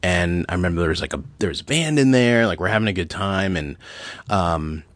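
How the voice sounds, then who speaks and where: A man with a lowish voice spins loud, profane stories in loose podcast chat, leaning on "like" constantly. The sound is dry and close, with no room around it. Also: fairly quick, dry recording. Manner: animated, profane storytelling full of "like". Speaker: podcast co-host. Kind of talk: casual chat.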